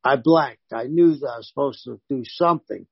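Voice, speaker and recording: A man, a former pro wrestler, telling animated stories in a casual interview and voicing the people in them. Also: medium pitch, normal speed, vocal fry, husky, no room sound, muffled recording. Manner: animated anecdotes with voiced quotes.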